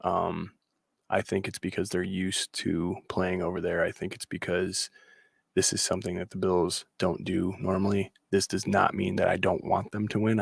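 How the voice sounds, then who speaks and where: A man's voice: deep voice, vocal fry, husky, no echo, clean studio sound. A man co-hosting a casual sports panel podcast, giving blunt opinions and reading out viewer comments. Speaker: podcast co-host.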